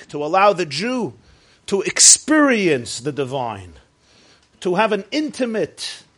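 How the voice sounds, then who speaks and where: A fairly high-pitched man teaching a class on Jewish faith. He is emphatic and stacks repeated phrases as he lectures to the room. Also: fairly bright tone. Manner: emphatic, repetitive, builds phrase on phrase.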